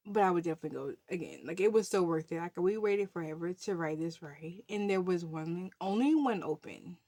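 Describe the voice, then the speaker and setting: A woman in her thirties tells a story to her viewers in a loose, chatty way, full of fillers and little laughs. Her voice sits low. The recording is close and dry, with no room sound. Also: moderate pace, hardly any pauses, mellow, no room sound. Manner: chatty, many fillers, laughs while telling. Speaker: budgeting channel host. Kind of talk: casual storytelling vlog.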